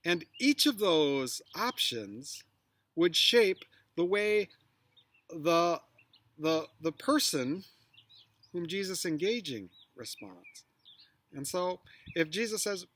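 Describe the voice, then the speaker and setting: A man's voice: fairly high pitch, lively intonation, measured pace, bright, forceful tone. A middle-aged man teaching biblical storytelling, trying out lines with different emphasis. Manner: tries out phrasings with varied emphasis. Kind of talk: storytelling lesson.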